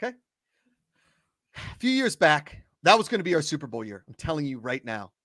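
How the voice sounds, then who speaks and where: A man's voice: a little high, big pitch swings, a little fast, a bit bright, no room sound, clean studio sound. A man co-hosting a sports talk show, ranting animatedly and swearing now and then. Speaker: podcast co-host. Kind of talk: casual sports chat.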